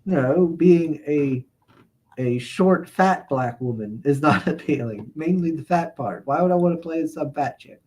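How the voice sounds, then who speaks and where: A man's voice: fairly high pitch, animated, a little slow, a little mellow. A man hosting a livestream, chatting casually and reading viewer comments aloud, rambling and chuckling often. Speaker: livestream host.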